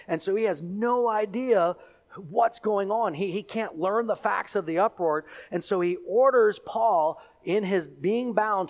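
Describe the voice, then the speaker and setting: Animated male pastor preaching. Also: high-pitched. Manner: animated storytelling, acting out the crowd and characters. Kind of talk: sermon.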